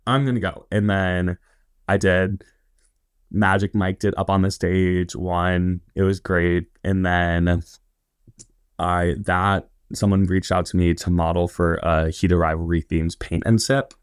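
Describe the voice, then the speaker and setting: A man's voice: sits low, little pitch movement, slow pace, clean tone, no room sound, clean studio sound. A man in his twenties from Indiana, a podcast guest telling stories in a chatty, rambling way with lots of fillers. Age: 20s. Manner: chatty, rambling with many fillers and quoted asides. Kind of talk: casual interview storytelling.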